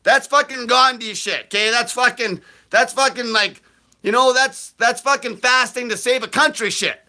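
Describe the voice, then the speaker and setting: A man hosting a live question-and-answer show, ranting bluntly and aggressively, swearing constantly and breaking into shouts. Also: extremely high pitch. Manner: fast bursts of shouting. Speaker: host answering viewer questions. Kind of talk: live Q&A rant.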